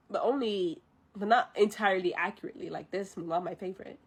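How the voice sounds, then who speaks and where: A woman vtuber retelling a movie on a live stream, chatty and animated with frequent laughs. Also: medium pitch, fast, breathy edge.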